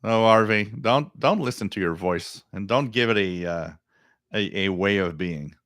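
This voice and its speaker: A middle-aged man with a deep voice hosting a radio live stream, chatting casually and reading viewer comments, rambling and repeating words. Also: moderate pace, a bit bright, dry recording, studio quality.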